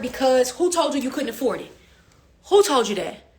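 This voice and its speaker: High-voiced woman preaching real estate motivation. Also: lively intonation, fairly quick, breathy edge. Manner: preachy, emphatic, repetitive call-and-response. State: getting out of breath. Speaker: real estate coach and agency owner. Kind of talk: motivational livestream talk.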